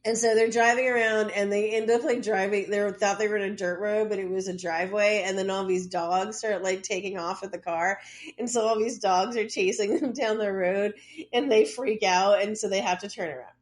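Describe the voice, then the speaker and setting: Woman co-host, mid-pitched, casual chatty storyteller with dry asides. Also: fairly even intonation, normal speed. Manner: chatty, loose retelling with lots of "like" and wry asides. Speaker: podcast co-host. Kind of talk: casual true-crime storytelling.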